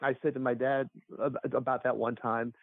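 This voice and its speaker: A man's voice: medium pitch, level tone, moderate pace, dry recording. A man chatting casually as a podcast guest, rambling with lots of fillers and restarts. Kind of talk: casual chat. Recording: tinny phone-like line.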